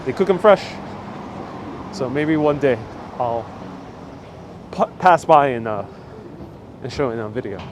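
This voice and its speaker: A man's voice: medium pitch, lively intonation, a little slow, pauses often. Walking-tour host, man, casual rambling chatter to live viewers, lapel mic outdoors with light street noise. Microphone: wireless lapel mic.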